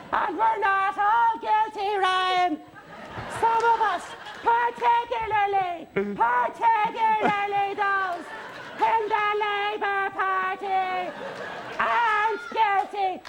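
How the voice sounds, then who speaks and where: A man putting on a shrill, indignant woman politician who grimaces as she talks, in a live studio with an audience. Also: creaky, noisy background, heavily acted. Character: shrill scolding female politician.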